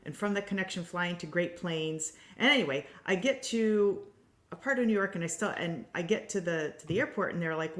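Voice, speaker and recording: A woman co-hosting a casual online chat. Her voice sits a little low and carries a roomy echo. She tells her stories with lively energy and laughs often. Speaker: co-host, healing coach. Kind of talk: casual livestream conversation.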